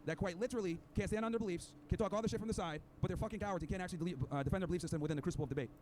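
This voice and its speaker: A man's voice: sits high, rapid-fire, crowd noise. A man hosting a podcast, arguing in a combative, lecturing way and hurling insults at an opponent. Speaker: podcast host. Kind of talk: heated debate clip.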